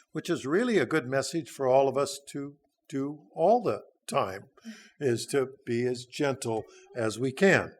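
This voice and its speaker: Older man preaching in a folksy way. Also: a little high. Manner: folksy, conversational Bible teaching with frequent "uh". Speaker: church speaker. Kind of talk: sermon.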